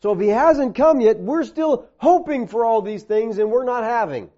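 A male preacher with a high but mellow, dark-toned voice delivers an emphatic sermon, pressing on key words. He quotes scripture in a lower, slower voice. The recording is dull and lo-fi.

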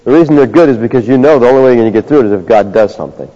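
A man preaching a sermon, conversational, moving between quiet asides and raised, emphatic bursts. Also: medium pitch, animated, very fast. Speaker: pastor. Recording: dull lo-fi sound.

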